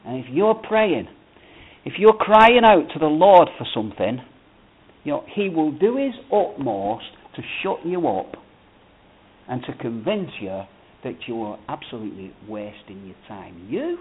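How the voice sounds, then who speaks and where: A man's voice: mid-range voice, very animated, unhurried. A man preaching a sermon with emphatic, rising and falling cadence. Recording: phone-like narrow band.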